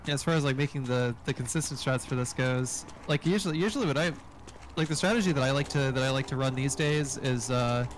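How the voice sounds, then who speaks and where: A man's voice: medium pitch, quick pace, a little hiss or hum. A man on a gaming stream explaining speedrun strategy in a rambling way, full of restarts and fillers. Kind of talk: casual gaming stream chat. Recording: music playing underneath.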